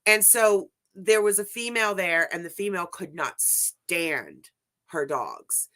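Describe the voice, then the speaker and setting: A woman from Brooklyn, a paranormal investigator telling lively stories in a casual interview. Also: on the low side, unhurried. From Brooklyn, New York. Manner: animated anecdotes with laughs and quoted voices.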